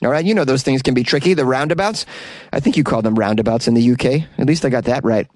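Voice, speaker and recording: A comedian with a New England accent hosting a daily news podcast, rambling through the stories with jokes and quick laughs. His voice sits at an average pitch and is recorded dry and close on a studio mic, with no room behind it. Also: a little mellow, no echo. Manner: jokey, rambling, laughs often.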